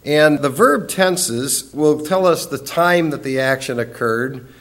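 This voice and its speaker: A man's voice: medium pitch, expressive, takes it slowly. A man teaching a Bible study lesson in an earnest, emphatic way, repeating key words for stress.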